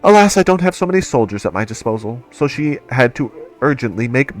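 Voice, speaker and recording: A man's voice: medium pitch, big pitch swings, fairly quick, soft background music, lightly acted. A man voicing an arrogant, condescending nobleman in a game. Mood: haughty. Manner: haughty, dismissive. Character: arrogant male baron, bored, condescending.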